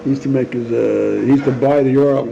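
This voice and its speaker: A gravelly, mid-range voice belongs to an older man telling stories fairly quickly as the interviewee. Full of animation, he voices the characters in his stories and laughs frequently, recorded at home in dull lo-fi sound with faint noise.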